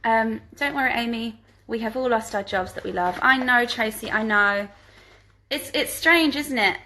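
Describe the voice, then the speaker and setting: A woman's voice: a little high, normal speed, sharp tone, slight background noise, rough recording. A woman at home answering viewer questions in a casual livestream, reading each question aloud and then replying in a chatty way. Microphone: phone livestream.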